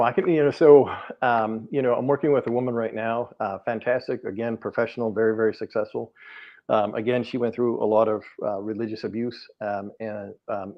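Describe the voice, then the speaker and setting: A middle-aged man, a guest energy healer, telling client stories in a podcast interview, earnest and rambling with many fillers and restarts. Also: fairly low pitch. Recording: dull lo-fi audio.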